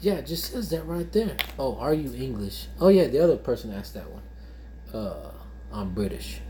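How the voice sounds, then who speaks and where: A man's voice: mid-range voice, big pitch swings, normal speed, warm tone. Texas guy cohosting a stream, loose and swearing a lot, reads chat out, slight hiss behind. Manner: banters loosely with profanity, reads chat comments aloud. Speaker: co-host. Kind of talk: casual livestream chat.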